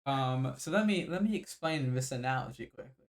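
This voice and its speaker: A man's voice: mid-range voice, lively intonation, normal speed. A man co-hosting a podcast, chatting casually and joking, explaining things through video game analogies. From Bangladesh. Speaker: podcast co-host. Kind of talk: casual chat.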